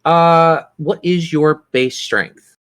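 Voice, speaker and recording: A man's voice: fairly high pitch, steady tone, drawn-out words, fairly bright tone. A man acting as game master, narrating a tabletop game with patient, descriptive turns.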